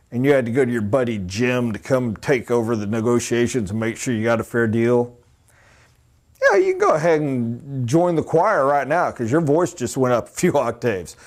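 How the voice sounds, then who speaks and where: A man giving a live sales training talk, emphatic and animated, acting out little scenes. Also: medium pitch. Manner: animated, emphatic, mock voices for examples.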